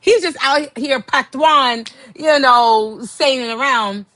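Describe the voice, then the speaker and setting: A woman hosting a podcast, telling a dating story in a sassy, animated way and acting out what people said. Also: high-pitched, takes it slowly, dry recording. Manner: animated, sassy, acts out quotes. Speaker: podcast host. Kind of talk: casual storytelling monologue.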